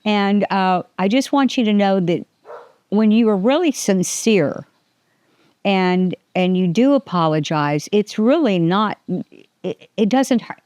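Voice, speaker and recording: An older woman with a drawl chats through a faith podcast in a loose, rambling way. She restarts her sentences and breaks into laughs. Her voice sits mid-pitch, recorded close and dry. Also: lively intonation, slow, darkish tone, clean tone, no room sound. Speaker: podcast host. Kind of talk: casual faith talk.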